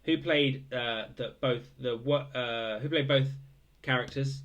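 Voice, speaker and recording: A man's voice: mid-range voice, slow, fairly bright tone. A young man casually reading out quiz answers, hesitant, full of fillers, with dry joking asides. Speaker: quiz host.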